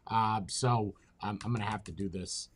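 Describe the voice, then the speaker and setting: A man hosting a podcast in casual chat, talking bluntly and excitably with plenty of swearing. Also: lowish voice, normal speed, a little hiss or hum. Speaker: podcast host.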